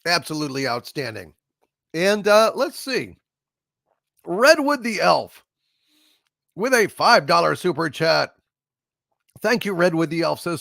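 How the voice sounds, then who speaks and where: A man's voice: on the high side, sing-song, a little slow, gravelly, pauses often, pushed and bright, no room sound, studio quality. A man hosting a casual livestream, rambling with many fillers as he hails viewers and reads their messages. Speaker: livestream host.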